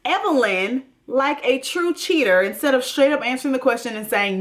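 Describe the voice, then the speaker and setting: A woman's voice: high voice, animated, normal speed. A woman hosting a TV recap, talking in a blunt, emphatic way straight to her viewers. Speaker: TV recap host. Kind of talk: casual commentary.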